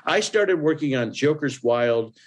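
A man from Indiana, a guest in an interview, telling stories in a lively way and jumping into other people's voices. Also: unhurried. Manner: animated, breaks into voices with big jumps up in pitch. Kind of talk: storytelling in an interview.

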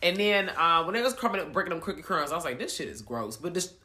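Woman, casual movie recap, animated and profane, bright forceful voice, lowish pitch. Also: quick pace.

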